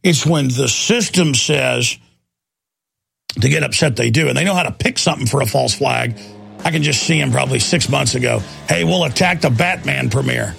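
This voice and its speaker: Gravelly ranting radio host. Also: male voice, mid-range voice, normal speed, fairly bright tone, faint music behind. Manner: ranting, impassioned, sarcastic. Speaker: radio talk show host. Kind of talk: talk radio monologue. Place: radio studio.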